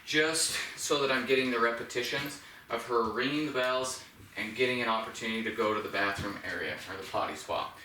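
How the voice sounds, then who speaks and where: Indoors in a home, a man who trains dogs runs an instructional demonstration, explaining each step plainly and cheering the dog on. His medium-pitched voice is fairly quick with a bright edge. Captured from a distance in an echoey, roomy space, it has a faint hum of ambience behind it.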